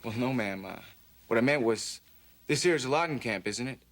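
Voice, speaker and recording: A man's voice: medium pitch, expressive, a little fast, a bit bright, close to an everyday voice. A young actor playing a polite drifter asking for logging work, courteous and folksy in his phrasing. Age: young adult. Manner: courteous, says ma'am and sir, folksy phrasing. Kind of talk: TV drama acting.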